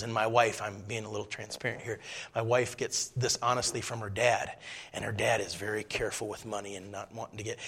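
A middle-aged man with a medium-pitched, slightly rough voice preaches a sermon. He drops into quiet asides and then rises to loud, fervent passages.

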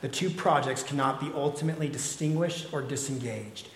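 A man's voice: mid-range voice, brisk, a little hiss or hum. A middle-aged man preaching a sermon as pastor, conversational, with rhetorical questions to the congregation. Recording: echoey hall.

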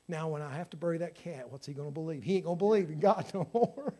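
A middle-aged pastor delivers a sermon in a fairly high voice for a man. He moves between loud, fervent exhortation and low, hushed storytelling. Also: fast. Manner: preaching with swings from shouting to hushed storytelling.

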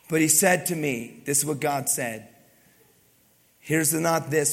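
A man preaching a sermon to his congregation, often dropping to a hushed, intimate tone. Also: high-pitched, unhurried, gravelly, in a large hall. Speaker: pastor. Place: church sanctuary.

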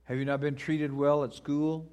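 A middle-aged man preaching a sermon as a pastor, earnest, moving between loud pleading questions and quiet, hushed prayer. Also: on the high side, level tone, normal speed. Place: church.

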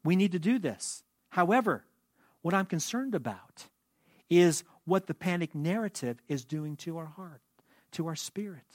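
A man preaching a sermon as pastor, speaking in a measured way that slows into hushed, prayerful reading. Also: fairly high pitch, expressive, dry recording, studio quality.

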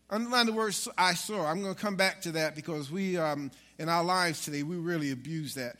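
A man preaching a lively sermon, with asides to his congregation. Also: on the high side, a little fast, few pauses. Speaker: pastor.

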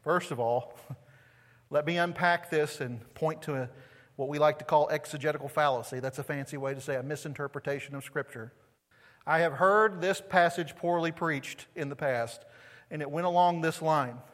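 A middle-aged pastor delivers a sermon in a church sanctuary, speaking conversationally and posing rhetorical questions to the congregation. His voice is fairly high and slightly bright, at a normal pace, with long hall reverb on the recording.

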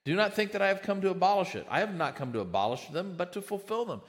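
A man's voice: sits high, expressive, quick pace. A man preaching a sermon with emphasis, often repeating words as he starts a phrase. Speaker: pastor.

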